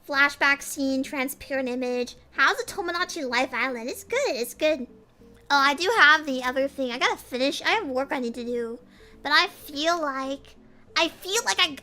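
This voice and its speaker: A woman's voice: high-pitched, animated, moderate pace, sharp tone, faint music behind. A young woman streaming casually, rambling and giggling as she reads chat aloud. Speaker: pirate cat vtuber streamer.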